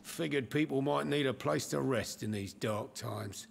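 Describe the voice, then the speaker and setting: A gruff barkeeper for a game. His voice is gravelly, and he talks in a blunt, folksy way, mid-pitched and plain. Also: moderate pace, a little hiss or hum. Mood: gruff, chatty. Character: male barkeeper, chatty and gruff.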